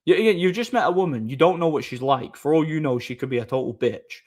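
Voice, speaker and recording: A man's voice: fairly high pitch, fast talker, darkish tone. A man chatting casually on a live stream, reading viewer messages aloud, rambling with repeated words and frequent laughter.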